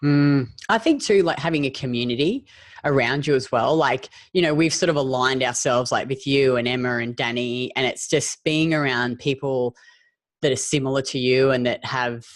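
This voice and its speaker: A woman's voice: very deep voice, moderate pace, no room sound. A woman hosting a casual health-coaching conversation, chatty and peppered with "like" and "you know". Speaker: health coach and podcast host.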